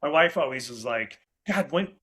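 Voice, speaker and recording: A man hosting a casual sales podcast, excitable and energetic, talking about his own enthusiasm. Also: on the high side, normal speed. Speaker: podcast host. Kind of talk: casual chat.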